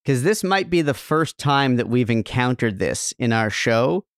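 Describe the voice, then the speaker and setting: A man co-hosting a podcast, analyzing a TV show in a thoughtful, casual way and pausing over his points. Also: medium pitch, expressive, dry recording, studio quality. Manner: thoughtful, analytical, stumbles while framing points. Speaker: podcast co-host.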